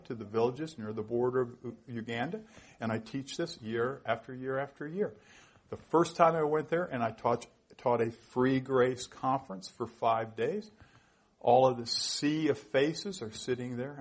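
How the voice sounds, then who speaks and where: A man in his sixties delivers a heartfelt sermon testimony with a husky, breathy voice. His pitch sits in an ordinary middle range, and his storytelling grows emotional, at times close to tears. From United States. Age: 60s. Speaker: preacher.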